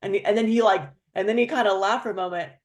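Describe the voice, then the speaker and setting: A woman hosting a casual chat, telling a story with lively, acted-out quotes of other people. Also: mid-range voice, quick pace. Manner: animated storyteller, acts out quoted voices. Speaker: host.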